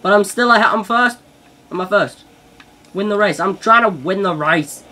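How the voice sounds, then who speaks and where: A young man giving excitable let's-play commentary, yelping and shouting at the game as he plays. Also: sits high, moderate pace. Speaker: gaming channel host.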